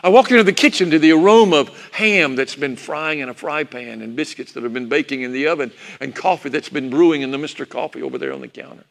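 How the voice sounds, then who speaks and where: A man's voice: fairly high pitch, lively intonation, fast, vocal fry, hardly any pauses, a bit bright. A preacher telling a sermon story, reminiscing about his parents. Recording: long hall reverb.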